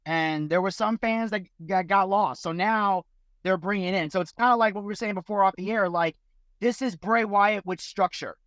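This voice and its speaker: A man's voice: high-pitched, moderate pace, a bit bright, no room sound. A man co-hosting a podcast, making emphatic points and posing rhetorical questions in casual discussion. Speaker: podcast co-host.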